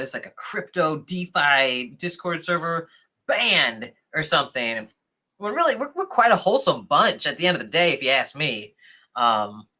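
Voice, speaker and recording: A young adult man hosting a casual livestream, chatting excitedly and thanking viewers as he reads comments. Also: mid-range voice. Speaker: livestream host.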